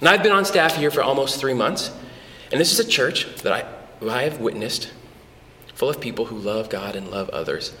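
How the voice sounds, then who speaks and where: A man preaching a sermon as a pastor, conversational and animated, with frequent restarts, in a church. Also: mid-range voice, normal speed, slight background noise. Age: adult with a son. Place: church hall. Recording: echoey church hall with long reverb.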